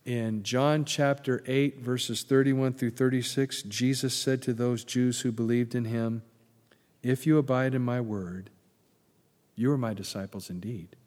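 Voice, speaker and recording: A man pastor preaching a sermon, animated and emphatic, then dropping into soft prayer. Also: medium pitch, measured pace. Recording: long hall reverb.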